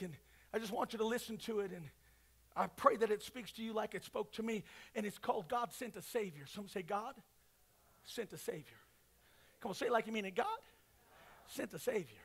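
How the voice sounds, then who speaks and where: A man preaching a sermon at a church service, swinging between fervent shouts and hushed, quiet passages. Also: high-pitched, vocal fry. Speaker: pastor.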